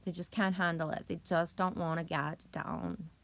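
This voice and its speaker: A woman's voice: lowish voice, flat delivery, moderate pace, creaky, a bit bright. Profane, rambling woman live streamer. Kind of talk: casual live stream chat.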